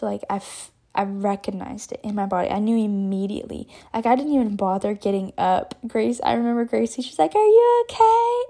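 A young woman from Texas telling a personal story on her podcast in a chatty, animated way, full of fillers and little laughs. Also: medium pitch, creaky. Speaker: podcast host. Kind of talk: casual storytelling.

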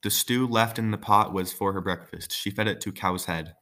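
A man's voice: fairly low pitch, moderate pace, pushed and bright. A man reading a folk tale aloud, breaking off for joking, offhand asides. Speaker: story reader.

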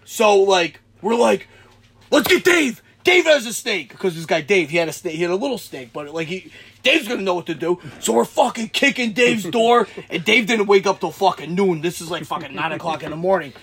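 A young man with a husky voice telling a rowdy story in casual chat, swearing freely and shouting out the quoted lines. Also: high-pitched, brisk. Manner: animated, swears a lot, shouts when acting out quotes.

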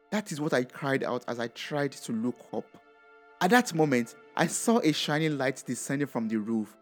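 A man's voice: mid-range voice, expressive, normal speed, faint music behind. A man narrating a dramatic first-person story in a reflective tone.

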